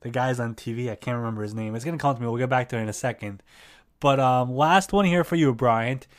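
A man's voice: mid-range voice, fast talker. A man hosting a casual sports interview, easygoing and encouraging as he sets up questions. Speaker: interview host.

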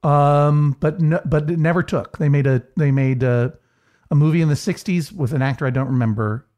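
Man, higher-pitched voice, casual podcast chat, rambling, restarts often. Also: normal speed, darkish tone. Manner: rambling, chatty, lots of restarts. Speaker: podcast co-host.

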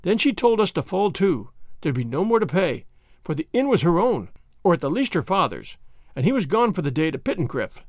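A man narrating a classic novel in a measured, expressive storytelling manner into a close studio mic. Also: sits high, dry recording. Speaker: audiobook narrator.

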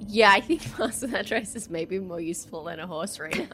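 A woman's voice: medium pitch, animated, fairly quick, music in the background. A woman chatting playfully as a player in a tabletop game. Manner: giggly, playful. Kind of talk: casual tabletop game chat.

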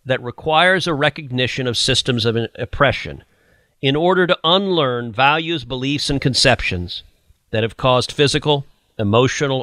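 Indignant bright-voiced male podcast host. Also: mid-range voice, no room sound. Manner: indignant, sarcastic, reads quotes aloud. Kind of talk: opinionated political commentary.

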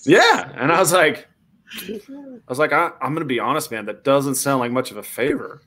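Lively man telling a wild story. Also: medium pitch, moderate pace. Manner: animated, acts out voices in quotes. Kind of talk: casual anecdote telling.

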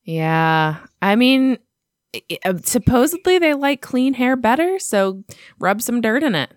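A woman's voice: fairly high pitch, very animated, measured pace, no echo, clean studio sound. A young woman co-hosting a podcast in casual chat, teasing and often breaking into laughs. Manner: giggly, teasing, trails into laughs. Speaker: podcast co-host.

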